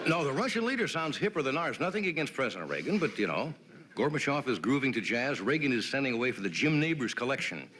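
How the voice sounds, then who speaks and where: A man's voice: mid-range voice, very animated, fast talker, noisy background. A man hosting a late-night talk show, delivering a comedy monologue with wry jokes and chatty asides to his sidekick in a TV studio. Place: TV studio with live audience.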